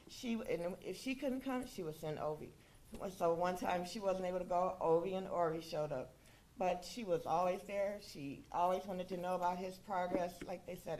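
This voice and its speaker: A woman gives a chatty funeral tribute, animated and talkative. She often checks in with her listeners and breaks into laughs as she tells her stories. Her pitch is medium, and faint noise sits behind her. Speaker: friend giving a eulogy. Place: funeral service hall.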